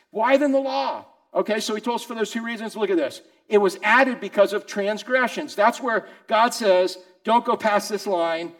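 Man in his sixties, pastor, high voice, teasing, casual sermon. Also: vocal fry. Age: 60s. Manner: teasing, conversational, asks the group questions. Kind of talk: casual sermon to a small group.

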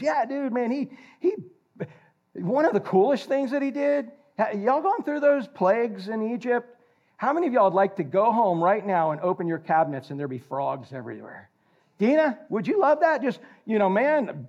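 An older man preaching a sermon, animated and jokey, quizzing the congregation. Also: high voice, moderate pace. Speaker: pastor. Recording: slightly dull lo-fi recording.

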